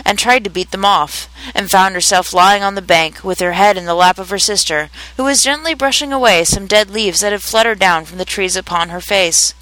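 Bright-voiced woman reading a storybook aloud. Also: mid-range voice, normal speed, few pauses, no echo, rough recording. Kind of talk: audiobook narration.

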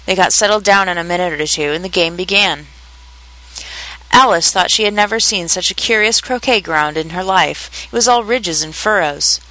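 A reader giving a measured, expressive narration of a children's story. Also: mid-range voice, poor audio.

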